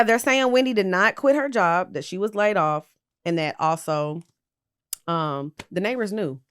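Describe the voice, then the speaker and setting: A woman's voice: fairly high pitch, bright, forceful tone, clean tone. A tipsy woman hosting a casual pop culture gossip show, talking bluntly and sassily to her viewers and swearing freely. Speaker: pop culture commentary host.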